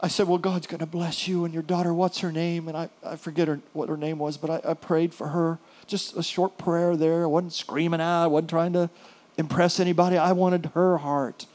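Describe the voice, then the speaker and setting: A middle-aged male pastor preaching, his voice sitting a little higher than most men's. He tells stories in an animated way, dropping to hushed, soft lines and then rising into loud, emphatic bursts. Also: moderate pace. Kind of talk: sermon.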